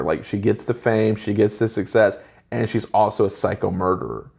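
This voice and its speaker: A man in his forties with a fairly low, gravelly, husky voice gives a movie review in relaxed talk with a co-host. He rants, airing firm opinions punctuated by quick asides.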